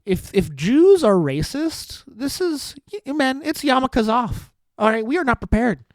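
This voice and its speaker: A man's voice: high-pitched, no echo. A man hosting a comedy podcast, ranting in a profane, sarcastic and rambling way, often cutting himself off. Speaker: podcast host.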